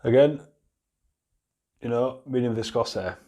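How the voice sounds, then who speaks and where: A man's voice: mid-range voice, measured pace, warm tone. A man with a Yorkshire accent reviewing a beard product in a casual, blunt, chatty way, swearing freely and restarting his sentences. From Yorkshire, England.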